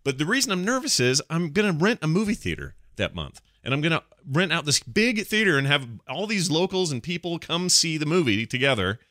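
A male podcast co-host in easy, casual conversation, his voice bright and forceful. He talks animatedly and keeps jumping into goofy put-on voices for a laugh. The sound is dry and close, with no room around it. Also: fairly high pitch, brisk, hardly any pauses, no room sound. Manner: animated, puts on silly voices for jokes. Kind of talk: casual chat.

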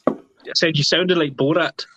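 A man's voice: on the high side, fairly even intonation, normal speed, sharp tone, slight background noise, poor audio. A British man, a beard club board member, teasing and bantering in casual chat. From United Kingdom.

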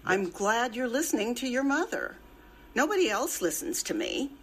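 A woman's voice: fairly high pitch, very animated, normal speed, a bit bright, slightly rough, heavily acted. An actress playing a repetitive, self-pitying middle-aged mother in a film.

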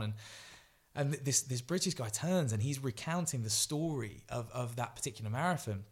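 A man who is a guest athlete on a podcast, telling stories in an animated way, acting out quotes, with frequent fillers and restarts. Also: mid-range voice. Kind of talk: storytelling podcast chat.

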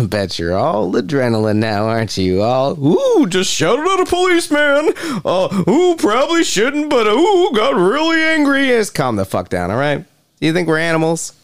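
A man's voice: medium pitch, big pitch swings, normal speed, clear, resonant tone. An actor playing a sarcastic, menacing male police detective in a stage play reading, mocking and taunting. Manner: mocking, sing-song, taunting.

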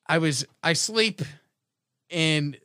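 A man's voice: fairly high pitch, very slow, sharp tone, clean tone, dry recording, studio quality. A man in his thirties telling rambling comic stories as a podcast host, joking and laughing often. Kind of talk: casual comedic storytelling.

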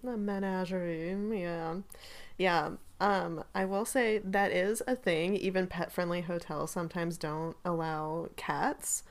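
A woman co-hosting a podcast, chatting about a book in a relaxed, easygoing way. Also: on the low side, slow, gravelly. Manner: relaxed, chatty, laughs easily. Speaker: podcast co-host. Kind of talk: casual book discussion.

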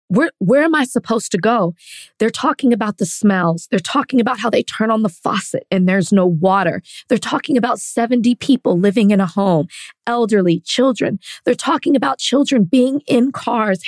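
A woman's voice: medium pitch, darkish tone, no echo, clean studio sound. Impassioned woman podcast co-host. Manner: earnest, impassioned, tearful at times. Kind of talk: casual podcast discussion.

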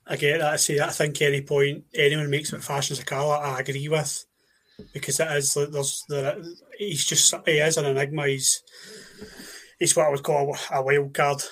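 Wry Scottish man with a flat voice. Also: a little high, normal speed. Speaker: podcast co-host. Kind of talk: casual football chat.

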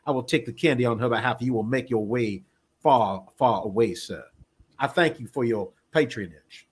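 A man's voice: mid-range voice, moderate pace, husky, pitched below the performer's own voice, close to an everyday voice. A man voicing a stern, protective character who speaks with formal, coldly polite menace. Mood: menacing.

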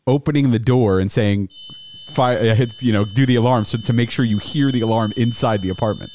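A man's voice: medium pitch, a little fast, darkish tone, a little hiss or hum. A man producing a podcast, chiming in casually while setting up clips.

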